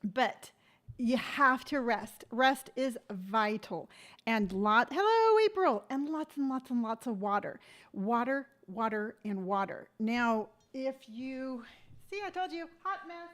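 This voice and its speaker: A woman's voice: fairly high pitch, lively intonation, takes it slowly, a bit bright. A woman in her fifties hosting a casual morning live stream, chatty and rambling, greeting viewers by name. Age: 50s.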